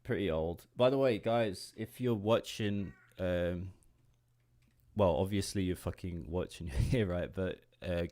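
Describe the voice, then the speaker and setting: Rambling English man, lowish voice. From England. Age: late 20s. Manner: rambling, easily distracted, laughs often, swears casually. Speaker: indie game developer streaming. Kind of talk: casual livestream chat while drawing.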